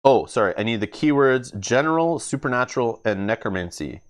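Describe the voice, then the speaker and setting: At a home gaming table, a man with a mid-range voice streams a solo card game playthrough, sounding animated and a little fast. His casual commentary has him thinking aloud as he reads the cards, and he laughs often.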